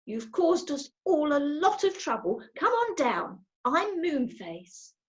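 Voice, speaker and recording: A woman voicing a brisk, practical male storybook creature, bossy and impatient. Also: high voice, big pitch swings, highs cut off, voice pushed up, exaggerated voice.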